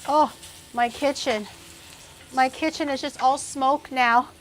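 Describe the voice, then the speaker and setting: A woman's voice: high-pitched, fairly even intonation, slow pace. A young woman chatting casually on a cooking livestream, thinking aloud and snapping back at her chat. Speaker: cooking streamer.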